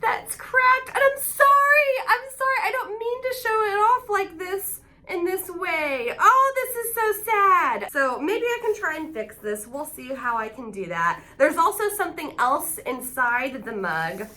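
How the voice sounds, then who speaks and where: A woman vlogging casually as she unboxes gifts, excitable and gushing. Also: very high-pitched, a little slow, hardly any pauses. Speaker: AuthorTube vlogger.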